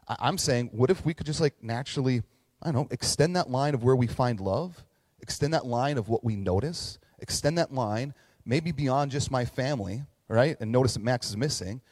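A man's voice: mid-range voice, moderate pace. Man preaching a story-driven sermon in a hall. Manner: animated, acts out voices, talks to kids in the crowd. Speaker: pastor. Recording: long reverb in a large hall.

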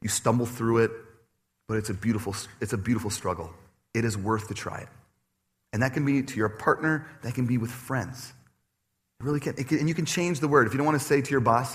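A man preaching a sermon to his congregation, animated and personal, acting out quoted voices with laughter. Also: mid-range voice, moderate pace, long pauses. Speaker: pastor. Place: church stage before a congregation.

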